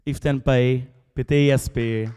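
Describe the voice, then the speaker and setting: A man's voice: mid-range voice, fairly even intonation, moderate pace, dark tone, smooth. A man with a Portuguese accent giving loose, joking closing remarks as an event organizer on stage. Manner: loose, joking, reads long name lists. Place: large conference auditorium. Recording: echoey hall with crowd behind.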